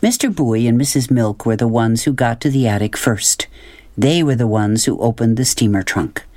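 Male audiobook narrator, storybook reading, gentle, expressive, animated pitch, dry close mic. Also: moderate pace, dry recording.

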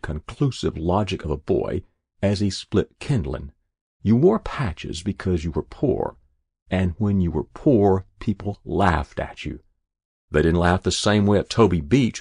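A man narrates a story in an expressive reading voice, rising and falling with plenty of movement. His voice sits very low, with a gravelly, husky grain. The recording is dry and close. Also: unhurried, dry recording.

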